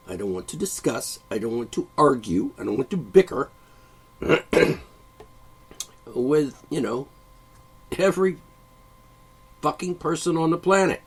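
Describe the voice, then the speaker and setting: A man with a husky voice delivers a rambling, profane solo monologue. His pitch swings widely as he talks, and he keeps breaking off to clear his throat. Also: poor audio. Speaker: podcast host.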